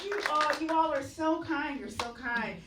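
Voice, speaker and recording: A woman's voice: sits high, normal speed, roomy sound, distant mic, a crowd in the background, noisy background. A woman doing a stand-up comedy set on a club stage, chatty and laughing at her own punchlines.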